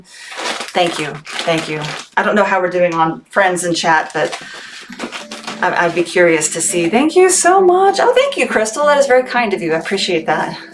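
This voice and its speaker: On her candy shop's live-stream sale, a Texas woman who served in the military keeps things upbeat and thanks viewers by name. Her pitch is fairly low, and a little hiss or hum runs under the recording.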